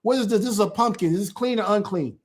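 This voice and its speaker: A man, a church elder, talking through an informal teaching in a lively way, often repeating himself and asking "right?". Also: high voice, quick pace, slight background noise. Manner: animated, keeps checking in with "right?"; repetitive, stumbles and restarts.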